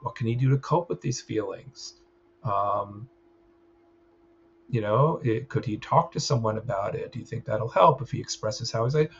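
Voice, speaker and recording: A man's voice: fairly low pitch, normal speed, vocal fry, a little hiss or hum. A man teaching a clinical training session, explaining ideas in a loose, conversational way and often checking in with "right?". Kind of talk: recorded training lecture. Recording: slightly dull sound with faint ambience.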